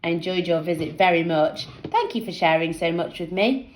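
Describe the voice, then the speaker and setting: A woman voicing a patient, kind woman counselor who speaks gently. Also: on the low side, normal speed, close to an everyday voice.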